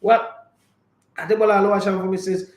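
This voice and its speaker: A man with a Nigerian English accent hosting a sports show, reading viewer comments aloud and answering them in a husky, tired voice. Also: high-pitched, level tone, quick pace, reverberant, low-quality recording. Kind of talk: casual sports chat.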